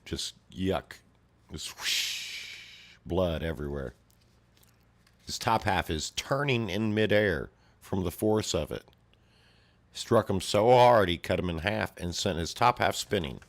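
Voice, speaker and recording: A deep-voiced man casually retells a violent comic story, loose and rambling with fillers. He swears freely and keeps breaking into clanks, whooshes and other sound effects. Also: lively intonation, measured pace. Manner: profane, full of sound effects.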